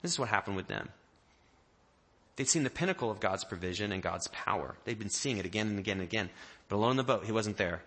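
A man preaching a sermon in a conversational, animated way, acting out the story with quoted voices. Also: on the low side, fast talker. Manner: animated, acts out the disciples' panic in quoted voices; conversational, with restarts and small jokes. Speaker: pastor.

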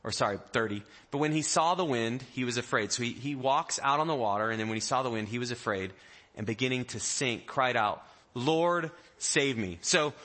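A pastor preaching a sermon, telling the story in an animated way and acting out the people in it. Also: male voice, mid-range voice. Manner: animated storyteller, acting out quotes in varied voices.

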